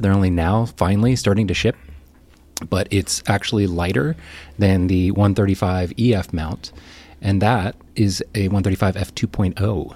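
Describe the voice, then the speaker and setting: A man's voice: lowish voice, a little mellow. A man co-hosting a podcast in casual chat, thinking aloud with fillers into a close mic. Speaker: podcast co-host.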